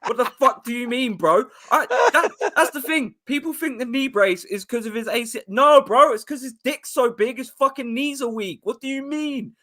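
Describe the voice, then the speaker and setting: A brash man with a Boston accent rants about football in loose, profane chat. His voice sits high, and the tone is bright and sharp. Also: expressive, moderate pace, few pauses. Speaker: guest. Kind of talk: casual sports chat.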